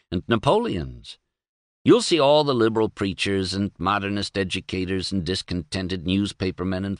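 A man reading a wry, outspoken middle-aged man who rambles with sardonic emphasis. His voice sits low and swings widely in pitch, and the sound is dry and close. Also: a bit bright, no room sound.

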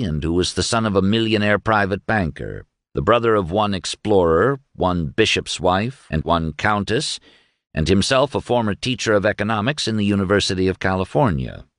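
A man narrating a novel in a measured, literary storytelling style. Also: deep voice, animated, no echo, clean studio sound. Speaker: audiobook narrator. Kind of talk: scripted narration.

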